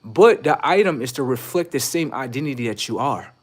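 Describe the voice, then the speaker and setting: A man livestreaming blunt, profane relationship advice, lecturing viewers as "sir" and swinging between loud outbursts and low mutters. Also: lively intonation, brisk. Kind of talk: casual livestream monologue.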